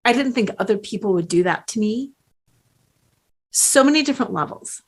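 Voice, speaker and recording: A middle-aged woman coach giving a slow, earnest motivational talk with strong emphasis. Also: on the high side, lively intonation, breathy edge.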